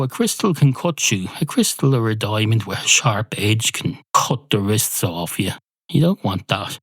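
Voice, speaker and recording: Man, Irish accent, podcast host, comic monologue, mock-indignant, swearing, dry recording. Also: no room sound. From Ireland. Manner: mock-indignant, swearing, darting pitch jumps.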